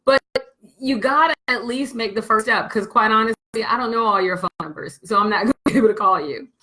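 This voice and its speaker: Blunt, animated woman business coach. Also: on the high side, brisk, rough recording. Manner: blunt and animated, swears freely. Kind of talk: candid motivational storytelling to camera.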